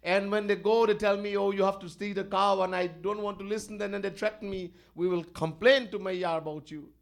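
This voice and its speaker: A man's voice: high-pitched, fairly even intonation, brisk, gravelly. A man voicing a mischievous little boy god who pleads and complains indignantly. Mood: complaining.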